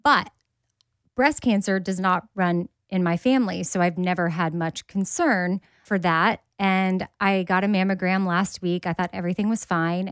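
A woman's voice: on the low side, clear, resonant tone, no echo, studio quality. A woman in her forties, a podcast host, telling a personal story candidly and acting out the voices of others in it. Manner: candid, animated, acts out quoted voices.

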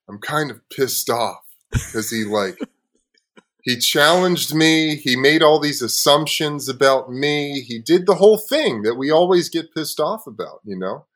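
A man hosting a podcast, telling a story in a casual, profane way with frequent laughs, sometimes dropping low and quiet. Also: animated, a little slow. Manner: swears freely, laughs often. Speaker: podcast host.

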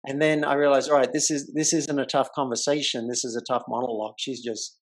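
A man's voice: mid-range voice, fast talker. A man hosting a podcast, telling a story in a casual way and acting out the voices of the people in it. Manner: animated storyteller, acts out quoted voices. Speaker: podcast host.

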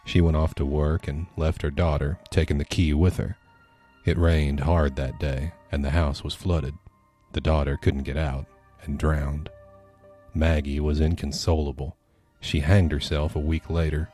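Very deep-voiced male storyteller. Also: flat delivery, unhurried, warm tone, soft background music. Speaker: podcast storyteller. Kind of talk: scripted horror story narration.

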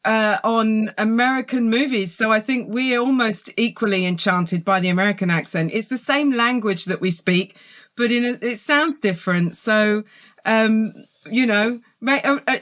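A woman in her forties with a southern English accent, a guest author in a podcast interview, thoughtful and friendly, pausing often with fillers. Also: fairly high pitch, a bit bright. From England. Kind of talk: casual interview.

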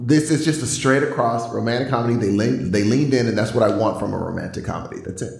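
A man's voice: mid-range voice, lively intonation, a little fast, few pauses, reverberant, rough recording. A man co-hosting a podcast, talking animatedly and laughing as he gives his movie picks. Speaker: podcast co-host. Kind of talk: casual movie-awards chat.

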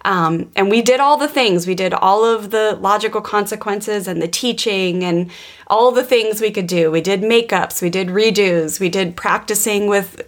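A woman in her thirties, a podcast co-host and parenting coach, telling personal stories earnestly with frequent restarts. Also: medium pitch. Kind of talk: casual podcast conversation.

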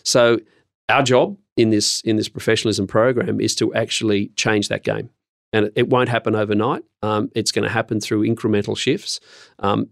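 A middle-aged man who answers interview questions in a measured, earnest way with frequent pauses and ums. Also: on the low side, creaky, no room sound, studio quality. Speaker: podcast guest, industry program leader.

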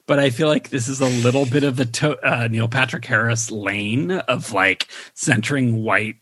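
A man co-hosting a casual TV review chat, animated and quick to mimic his own reactions. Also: mid-range voice, husky, no room sound. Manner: animated, quotes reactions in raised voice. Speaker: podcast co-host.

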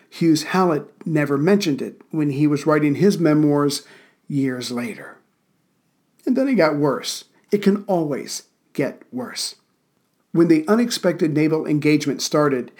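A man's voice: fairly high pitch, a little mellow. A man hosting a history podcast from Central Virginia, narrating events with dry, wry asides and thanking listeners casually.

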